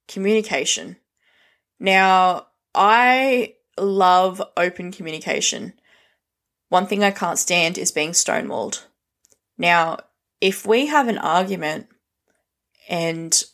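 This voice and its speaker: A woman's voice: on the low side, expressive, measured pace, fairly bright tone. A young woman vlogging, giving a blunt, frank rant full of swearing. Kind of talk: casual rant to camera.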